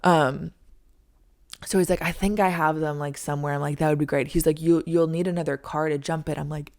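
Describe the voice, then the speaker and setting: Woman, podcast host, low voice, casual storytelling, animated, twenties. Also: fairly quick. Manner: animated, frequent "like", acts out her own lines in a high squeaky voice.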